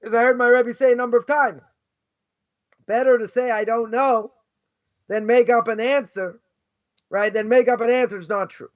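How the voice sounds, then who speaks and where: High-voiced rabbi, animated storytelling lecture. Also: male voice, moderate pace, long pauses. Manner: animated, repeats "right?" often, acts out quoted voices. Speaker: rabbi teaching Jewish ethics. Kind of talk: informal lecture with stories. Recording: dull lo-fi sound.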